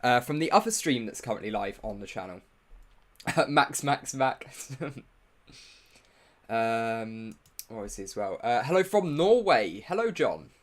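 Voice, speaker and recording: Young guy streaming live, chatty, greets chat, jokes about his own setup, mid pitch. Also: sing-song, unhurried. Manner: chatty, greets chat viewers, self-mocking asides. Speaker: livestream host.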